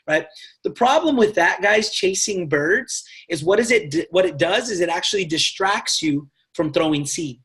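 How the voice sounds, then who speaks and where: A man with a notably high-pitched voice coaches a sales team. His delivery is animated and direct, and he punctuates his points with constant check-ins to his listeners. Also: normal speed. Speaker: network marketing trainer. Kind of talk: motivational team training talk.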